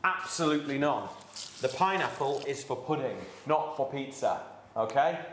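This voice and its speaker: A man's voice: mid-range voice, lively intonation, normal speed, reverberant, a little hiss or hum. A man hosting a live cooking class from his home kitchen, chatting and joking with his daughter while he explains each step.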